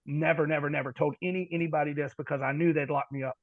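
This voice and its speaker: A middle-aged man telling a long personal story on a podcast, halting and repeating words, then dropping into quiet asides. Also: a little high, steady tone, no echo, narrow, tinny audio. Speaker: podcast guest. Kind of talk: storytelling in conversation.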